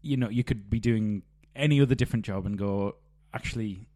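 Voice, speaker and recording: A man's voice: lowish voice, a little fast, dark tone. A man co-hosting a casual podcast, talking through his thoughts reflectively with frequent restarts. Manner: reflective, thinks aloud with restarts. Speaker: podcast co-host. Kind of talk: casual chat.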